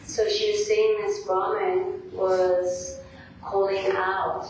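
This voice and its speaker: A woman telling a devotional story at a temple class, slowly and haltingly, searching for words. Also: mid-range voice, flat delivery. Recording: echoey hall, voice from far off, faint hiss.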